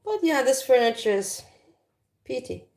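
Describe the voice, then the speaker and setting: A woman's voice: sits high, lively intonation, measured pace, vocal fry, darkish tone. A woman chatting casually to viewers in a livestream from her home kitchen, talking frankly and rambling as she goes, recorded on a phone. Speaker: livestream host.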